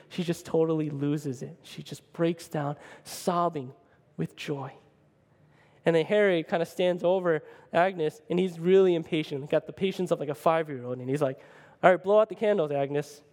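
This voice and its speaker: A male preacher tells a story in an animated, conversational sermon style, often pausing to check in with the listeners. His voice sits a bit high for a man. It rings out with the long reverb of a large church hall. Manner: animated, conversational, keeps asking "right?". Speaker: pastor.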